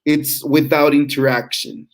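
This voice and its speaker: A man's voice: fairly high pitch, steady tone, a little slow, gravelly. Man teaching an online class. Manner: explains with frequent "right?" checks and fillers. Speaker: teacher trainer.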